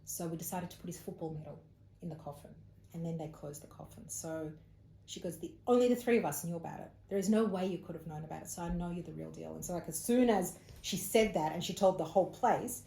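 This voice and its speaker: A woman's voice: lowish voice, fairly quick, vocal fry. An Australian woman, a psychic medium as an interview guest, telling a personal story in casual conversation and acting out the people she quotes. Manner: animated storyteller, acts out quoted speech. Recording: echoey room with faint ambient noise.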